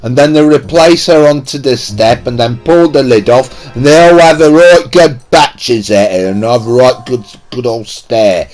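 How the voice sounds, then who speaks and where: A man's voice: mid-range voice, moderate pace, hardly any pauses, darkish tone. A young man rambling through a casual film recap in a chatty, slangy way. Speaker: video creator.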